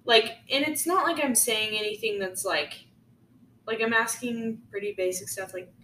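Bright chatty young woman. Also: a little high, normal speed. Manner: chatty, lots of "like", animated retelling. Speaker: podcast co-host. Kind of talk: casual chat, storytelling. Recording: echoey room, faint noise.

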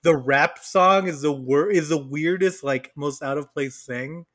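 A man with a somewhat raised voice chats casually as a podcast co-host. He retells movie scenes with animated energy and laughs easily. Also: fairly high pitch, measured pace. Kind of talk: casual chat.

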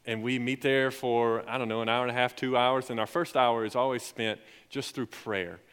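Excited young preacher in a church. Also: male voice, mid-range voice, normal speed, smooth. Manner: lively storytelling, rising excited for stories. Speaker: youth pastor. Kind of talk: sermon. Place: church sanctuary. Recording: long hall reverb.

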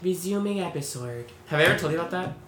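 A man co-hosting a casual gameplay commentary podcast, jokey and quick to laugh. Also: fairly high pitch, lively intonation, over music. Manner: giggly, jokey, quick asides. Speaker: podcast co-host.

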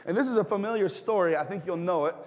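A man's voice: high-pitched, quick pace, big-room sound. A man preaching a casual, joking sermon, asking the congregation questions and getting replies. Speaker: pastor. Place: church hall.

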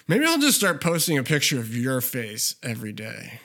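A man's voice: medium pitch, huge pitch swings, moderate pace, a bit bright. A man hosting a podcast, joking and swearing through loose banter in casual chat. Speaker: podcast host.

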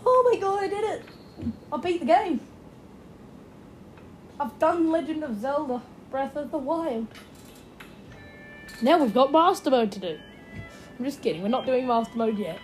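A young woman hosting a gaming podcast, giving gushing commentary and repeating her excited exclamations. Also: sits high, a little slow, pauses often, soft background music. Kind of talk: game commentary.

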